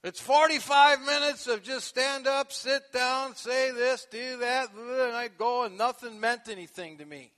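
A male pastor preaching a sermon, animated, swinging from soft conversational asides to loud emphatic peaks. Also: extremely high pitch, measured pace, few pauses. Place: church sanctuary. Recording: long echo of a large hall.

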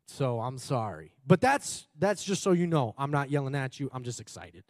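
A man preaching a sermon in a church hall on a mic. He is loud and excitable and swings between shouting and quiet asides. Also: medium pitch, normal speed, studio quality. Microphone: handheld or stage mic.

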